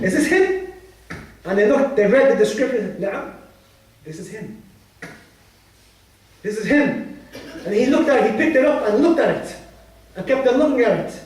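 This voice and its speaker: A man with a notably high voice tells a religious story to a gathering, voicing each character in turn. He coughs and clears his throat now and then. The recording is very echoey, taken from far across a large hall. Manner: retells dialogue with shifting pitch, frequent coughs and throat clearing. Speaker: religious teacher. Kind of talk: storytelling lecture.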